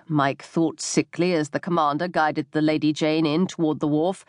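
A woman narrating a novel aloud in a measured, expressive manner. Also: low-pitched, no room sound, studio quality. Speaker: audiobook narrator. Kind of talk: scripted narration.

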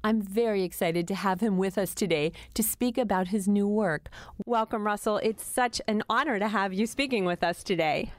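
A woman's voice: medium pitch, moderate pace, no room sound, clean studio sound. A woman hosting an interview, introducing her guest and asking questions in a polished, formal presenter manner. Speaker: interview host.

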